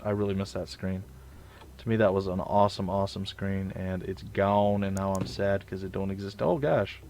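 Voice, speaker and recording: A young man casually commenting on his own gameplay, chatty and self-mocking, with sudden loud outbursts. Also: fairly low pitch, normal speed, faint music behind. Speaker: let's play gamer.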